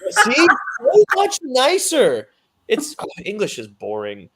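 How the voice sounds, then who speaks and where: A man's voice: extremely high pitch, huge pitch swings, slow, bright, forceful tone, slight background noise. A man hosting a casual live-stream talk show, bantering in an upbeat, jokey, self-deprecating way. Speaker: host.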